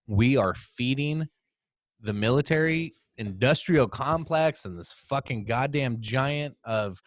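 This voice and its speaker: A man's voice: mid-range voice, animated, takes it slowly, dry recording. A man co-hosting a casual political podcast, talking in a heated, profane rant. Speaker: podcast co-host.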